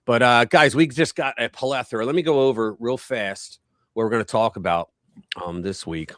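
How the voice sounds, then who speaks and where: A man hosting a casual political live stream, talking in an animated, rambling way and acting out quotes in a raised voice. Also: mid-range voice, normal speed, no room sound.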